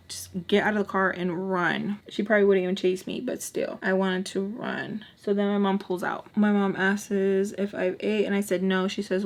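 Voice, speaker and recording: A young woman chatting casually through a storytime while doing her makeup, animated and swearing, with sudden high-pitched exclamations. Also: moderate pace. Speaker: vlogger.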